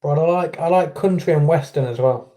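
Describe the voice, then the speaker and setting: English man, livestream host, casual chat, mellow, fairly high voice. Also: a little fast. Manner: friendly, chatty, greets viewers by name.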